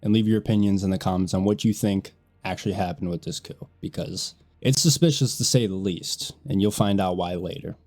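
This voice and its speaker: A man's voice: deep voice, brisk, hardly any pauses, a little mellow. A man hosting a casual history video, nasal and congested from a sinus infection, talking bluntly and swearing now and then.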